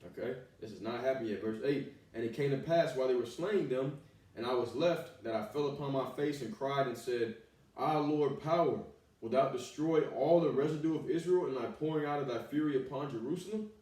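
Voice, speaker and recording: Fiery male street preacher with a mellow, dark tone, recorded far off the mic. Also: mid-range voice, fairly quick. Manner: loud, emphatic and blunt, with street slang. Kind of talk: fiery slangy sermon with scripture reading. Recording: very echoey room, voice far from the mic.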